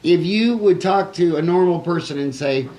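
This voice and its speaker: A man's voice: on the high side, moderate pace, a little mellow, poor audio. A man hosting a podcast interview, asking long rambling questions full of fillers and restarts. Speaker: podcast host, dentist.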